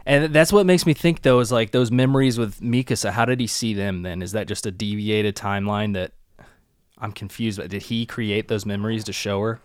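Young male co-host, relaxed recap chat, low and smooth, dry mic. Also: brisk, no echo. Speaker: podcast co-host.

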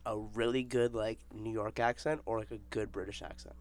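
A man's voice: lowish voice, steady tone, fairly quick. A young man co-hosting a podcast, rambling casually with lots of filler. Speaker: podcast co-host. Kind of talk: casual banter.

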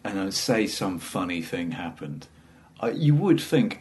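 A low-pitched man talking casually as a comedian. He rambles, restarts his sentences and breaks into laughter as he goes. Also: very animated, unhurried, a little mellow. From England. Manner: rambling, self-interrupting, laughs through his stories. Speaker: stand-up comedian. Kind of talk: casual chat.

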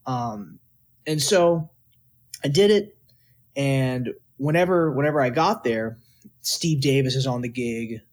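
A man's voice: medium pitch, takes it slowly, long pauses. A young man from Texas, a guest musician, telling stories casually in an interview and acting out what people said. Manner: animated, quotes people in lively voices.

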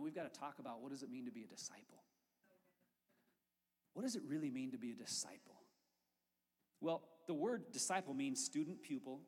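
A male pastor preaching a sermon in a conversational, lively way, with asides to the congregation. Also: mid-range voice, breathy edge, in a large hall.

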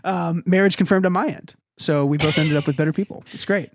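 Speaking briskly, a young man co-hosting a podcast energetically recounts a story in casual conversation. He performs the voices of the people involved with big leaps in pitch, and the recording is dry.

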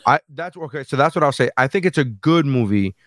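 A man's voice: medium pitch, animated, fast, no echo. Man, podcast host, casual chat, rambling, swears a lot, dry close sound. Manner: rambling, profane, self-deprecating.

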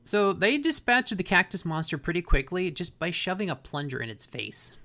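Laid-back male host retelling a plot, lively in pitch and loose with slang. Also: normal speed. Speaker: podcast host. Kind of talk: casual chat, episode recap.

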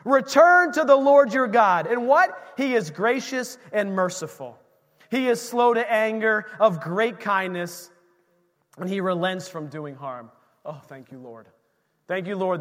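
High-voiced preacher man in a reverberant hall. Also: a little slow. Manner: animated, swings from shouting to hushed. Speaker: pastor. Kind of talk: sermon.

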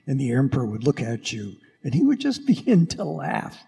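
A priest giving a Christmas Eve homily in a dramatic storytelling manner, recorded in a large church. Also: male voice, on the high side, huge pitch swings, brisk, vocal fry, few pauses, dark tone, slightly rough. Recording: echoey church with long reverb.

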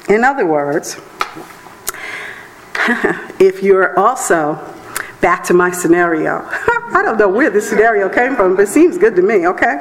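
A woman church elder preaching a sermon in a conversational, animated way, often breaking into laughs. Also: mid-range voice, a little slow, pauses often, a little hiss or hum, low-quality recording.

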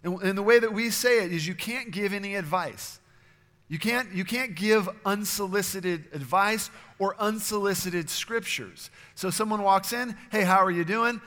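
Guy preaching, high bright voice, long echo like a big hall. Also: normal speed. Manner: earnest preaching, acts out quoted voices. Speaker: pastor. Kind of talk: sermon.

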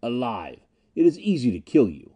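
A man's voice: mid-range voice, very animated, normal speed, dark tone, husky. A man reading the part of a sardonic male space pirate leader in an audiobook, talking in a mocking, persuasive way.

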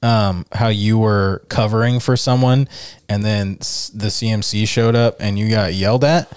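A man with a lowish voice, laid-back and joking. He chats casually on a podcast and swears without thinking about it. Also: fairly even intonation, moderate pace, a little mellow, smooth. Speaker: podcast co-host. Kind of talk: casual chat.

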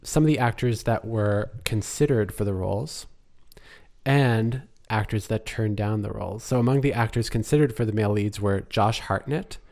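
A man's voice: on the low side, moderate pace, creaky, a little mellow. A man co-hosting a casual chat about a film, talkative, laughing often and trailing off mid-sentence. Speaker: podcast co-host.

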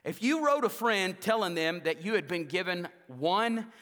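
High-pitched preacher in a reverberant hall. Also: male voice, animated, normal speed. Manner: rousing preacher, swings from loud exhortation to hushed intimacy. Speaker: pastor. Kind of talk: sermon. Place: church sanctuary.

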